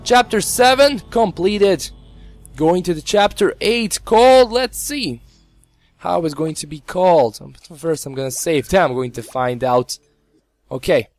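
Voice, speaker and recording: A man hosting a gameplay video with a strained voice, giving excitable, casual commentary and swearing freely. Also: on the high side, no room sound. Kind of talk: casual let's-play commentary.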